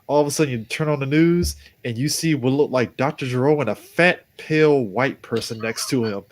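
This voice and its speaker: A man co-hosting a live podcast, spinning excited what-if stories and acting them out. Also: mid-range voice, fairly quick. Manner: excitable storyteller, acts out scenarios. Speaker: podcast co-host. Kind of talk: casual live podcast banter.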